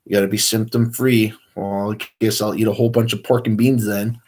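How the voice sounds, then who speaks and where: A man's voice: fairly low pitch, flat delivery, a little fast, a little mellow. A man hosting a casual livestream, talking in a rambling, easygoing way with lots of fillers. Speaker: outdoors livestream host.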